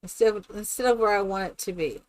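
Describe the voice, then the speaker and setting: A woman's voice: mid-range voice, fast, no echo. A woman chatting casually and rambling with many fillers while she builds in a game on a live stream.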